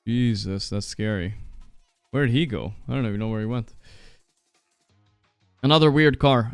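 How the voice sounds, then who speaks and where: A young man streaming live, chatting casually, reacting loudly and swearing often while he plays a guessing game. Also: mid-range voice, moderate pace, long pauses, clear, resonant tone, no room sound, faint music behind.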